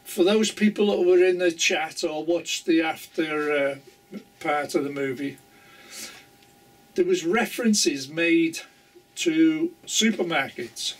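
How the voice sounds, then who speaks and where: A man's voice: a little high, slow pace, far from the mic. An older man chatting casually to camera about his model railway, rambling and chuckling often.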